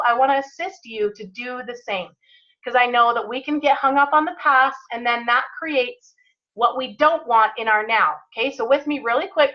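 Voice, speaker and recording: A team leader hosts a motivational call in a fairly high-pitched voice, though the audio sounds dull. She is encouraging and emphatic, guiding her listeners through breathing exercises.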